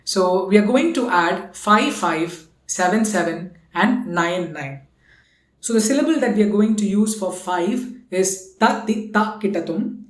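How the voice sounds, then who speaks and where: A woman's voice: mid-range voice, animated, measured pace, echoey room. A woman with an Indian English accent, patiently explaining and counting out a rhythm lesson and reciting konnakol syllables. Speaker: music teacher.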